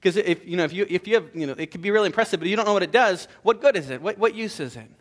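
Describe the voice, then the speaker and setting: A man's voice: high-pitched, lively intonation, very fast. A male pastor giving an earnest, conversational sermon to a congregation in a church room, with prayer and a scripture reading, often repeating words as he speaks.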